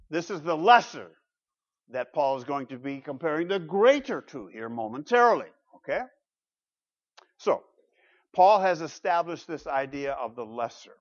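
A man preaching an expository sermon, animated and emphatic, with rhetorical questions and repeated phrases. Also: medium pitch, moderate pace, dull audio. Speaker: pastor.

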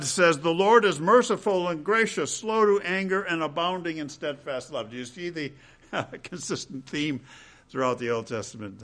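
Bright-voiced preaching man. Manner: swings between loud emphatic peaks and hushed low passages; preacherly, with rhetorical questions. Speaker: pastor. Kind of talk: sermon.

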